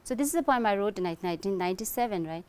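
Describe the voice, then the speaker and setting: Clear-voiced woman teacher, patient and explaining. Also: mid-range voice, lively intonation, darkish tone. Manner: explains slowly, checks with frequent "okay?" and "right?". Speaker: English teacher. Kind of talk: recorded online lesson.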